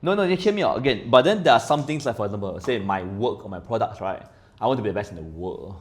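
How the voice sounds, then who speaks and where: A man talking as a podcast guest in casual chat. He rambles, swears often and keeps asking "right?", swinging between loud and quiet. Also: fairly low pitch, lively intonation, fast.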